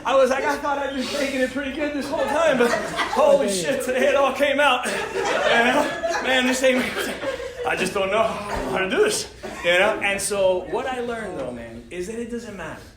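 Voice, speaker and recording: A man casually telling a story on a podcast, animated and profane, laughing often as he talks. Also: extremely high pitch, moderate pace. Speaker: podcast host. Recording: echoey room with loud crowd chatter.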